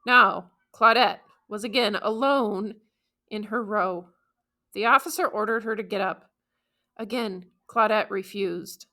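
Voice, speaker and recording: Bright-toned woman reading an audiobook. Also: mid-range voice, unhurried. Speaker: audiobook narrator. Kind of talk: scripted first-person audiobook narration.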